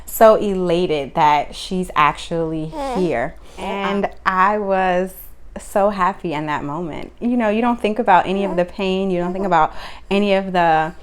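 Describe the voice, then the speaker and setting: A woman's voice: unhurried, clean tone. A young woman, telling her own story to camera in casual vlog style, acting out what people said. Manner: animated, acts out quotes with sudden high pitch jumps.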